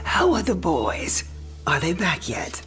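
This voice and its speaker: An actress playing a frank, tender mother in her sixties who is dying, speaking in a breathy half-whisper in a game cinematic. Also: lowish voice, wildly swooping pitch, slow pace, a bit bright, faint music behind, exaggerated voice. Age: 60s. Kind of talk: video game cinematic acting.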